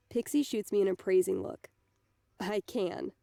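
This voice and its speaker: A woman reading a first-person novel aloud in a steady storytelling manner. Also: mid-range voice, normal speed, vocal fry, no echo, clean studio sound. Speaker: audiobook narrator.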